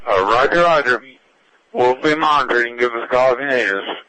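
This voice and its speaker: A man runs an amateur radio station and works through his calls in brisk, routine radio procedure. His voice is bright and forceful. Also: mid-range voice, dry recording, poor audio. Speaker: ham radio station operator.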